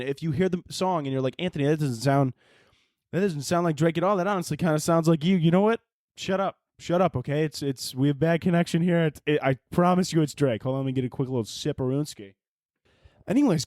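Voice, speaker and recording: A man's voice: medium pitch, a little mellow, dry recording, clean studio sound. A young man hosting a podcast, rambling through a jokey, profane comic monologue. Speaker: podcast host. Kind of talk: casual comedic monologue.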